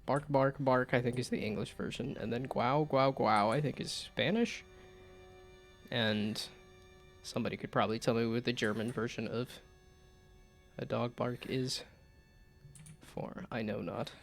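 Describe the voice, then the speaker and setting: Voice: medium pitch, steady tone, unhurried, pauses often, soft background music. A playful VTuber commenting live over a story game. The speech wanders between casual chatter and mock-archaic, old-fashioned phrasing, with frequent laughter. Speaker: VTuber streamer.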